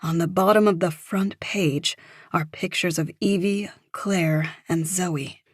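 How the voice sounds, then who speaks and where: Low-voiced woman narrating a thriller. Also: fairly even intonation, takes it slowly, slightly rough, dry recording, clean studio sound. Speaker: audiobook narrator.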